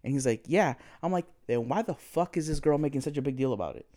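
A man's voice: fairly high pitch, fast talker, warm tone. A man retelling a story in casual chat, swearing freely and acting out quoted dialogue.

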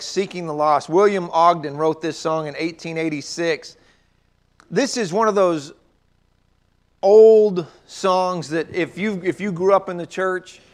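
High-voiced man preaching a casual sermon. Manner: conversational with joking asides and restarts.

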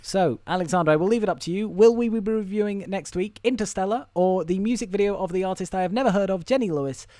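A man's voice: high voice, fast, hardly any pauses, mellow, dry recording, clean studio sound. A young man co-hosting a casual film podcast, swearing and mocking himself as he rambles through stories with lots of fillers. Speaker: podcast co-host.

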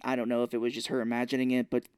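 A man's voice: mid-range voice, monotone, racing, a little mellow, smooth, dry recording, studio quality. A man casually recapping a film scene by scene on a podcast, laughing often and dropping into mock voices for the characters. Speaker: podcast co-host. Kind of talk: casual movie recap chat.

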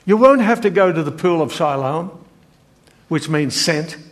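With a voice on the higher side, an older man preaches and reads scripture, earnest but hesitant, full of filler words and false starts.

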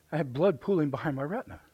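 A middle-aged man with a Midwestern American accent preaching a live sermon in church, animated and joking, often repeating his words. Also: a little high, brisk, husky, no room sound, lo-fi sound. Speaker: pastor. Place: church sanctuary.

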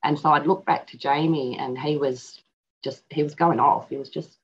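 A middle-aged woman telling a personal story as an interview guest, halting and reflective, with frequent restarts. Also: low voice, fairly even intonation, a little hiss or hum. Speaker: guest and author. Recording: dull lo-fi audio.

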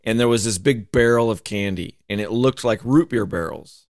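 A man's voice: lowish voice, normal speed, creaky, a little mellow, no room sound, studio quality. Rambling man in casual chat. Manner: rambling, heavy use of "like", storytelling. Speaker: podcast co-host.

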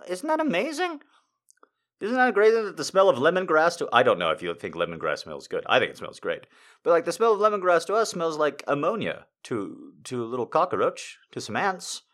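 A man giving his followers a casual personal update, excitable and rambling, swearing freely and restarting his sentences. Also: fairly high pitch, brisk. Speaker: content creator.

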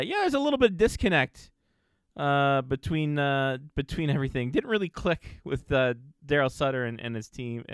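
A man's voice: medium pitch, clear, resonant tone, dry recording, clean studio sound. A man co-hosting a casual hockey podcast, rambling with fillers and swearing freely. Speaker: podcast co-host. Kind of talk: casual sports chat.

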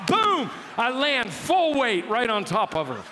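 Man, pastor, animated sermon storyteller with a wide-ranging delivery; church hall echo. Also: very high-pitched, a little slow, a little hiss or hum. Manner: animated, exclaiming, dramatic retelling. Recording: long hall reverb.

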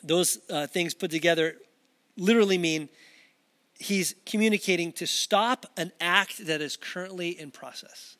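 A male pastor with a noticeably high voice, preaching to a camera in a conversational, earnest way. He often restarts his sentences and slips in casual asides. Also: moderate pace, pushed and bright. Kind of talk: sermon delivered to a camera.

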